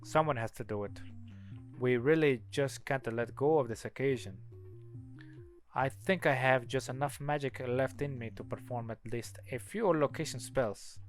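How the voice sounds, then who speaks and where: A man's voice: mid-range voice, moderate pace, soft background music, natural voice. Man doing a teasing brother in an odd accent. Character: cocky young male mage, teasing older brother.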